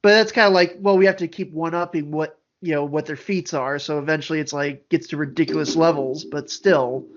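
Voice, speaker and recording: A man's voice: on the high side, steady tone, a little fast, few pauses. A man co-hosting a podcast, chatting casually and rambling animatedly with many fillers. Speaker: podcast co-host. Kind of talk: casual chat. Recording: dull lo-fi audio.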